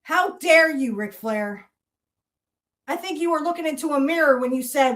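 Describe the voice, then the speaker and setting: High-voiced woman ranting with profanity. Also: expressive, moderate pace, a bit bright. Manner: heated, profane, accusatory; repeats rhetorical challenges. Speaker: podcast host. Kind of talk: angry monologue rant.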